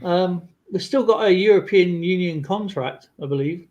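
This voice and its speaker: A man chatting casually on a livestream, rambling through an animated story with lots of fillers. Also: high-pitched, moderate pace, lo-fi sound. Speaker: guest on a livestream. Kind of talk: casual chat.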